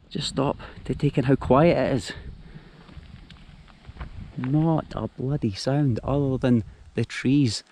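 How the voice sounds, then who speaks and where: A man's voice: mid-range voice, takes it slowly, pauses often, mellow. Young Scottish man, self-mocking travel vlogger, chatty to a handheld camera outdoors, light noise. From Scotland. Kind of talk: casual vlog to camera. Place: outdoors, countryside by rail tracks. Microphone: handheld action camera.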